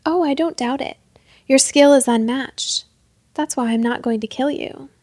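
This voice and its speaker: A woman's voice: moderate pace, no echo. A woman doing a cold, taunting vengeful princess. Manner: calm, taunting, low and menacing.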